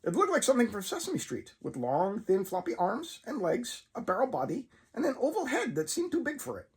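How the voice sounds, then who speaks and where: A man's voice: very high voice, wildly swooping pitch, fairly quick, husky, exaggerated voice. A man voicing a nervous male monster puppet who reads a horror story aloud and breaks off to comment on how scared he is. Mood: storytelling. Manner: jumpy, self-conscious asides about being scared. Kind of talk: reading a story aloud with asides.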